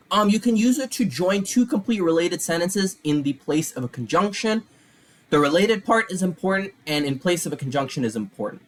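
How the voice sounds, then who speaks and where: A male tutor giving a recorded grammar lesson, explaining step by step with some fillers and restarts. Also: fairly high pitch.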